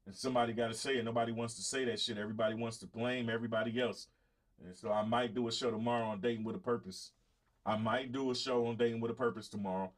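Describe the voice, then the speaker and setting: A man in his thirties hosts his own show in a casual live-stream. He speaks with a mid-pitched voice. He lectures his viewers bluntly and addresses them directly. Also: fairly even intonation, fast talker. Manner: blunt, preachy, talks straight to viewers. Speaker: show host.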